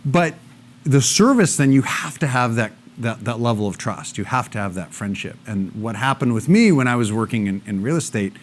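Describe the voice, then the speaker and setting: Speaking at a moderate pace with a medium-pitched voice, this man entertains a live audience with animated stories, voicing both parties in each dialogue himself.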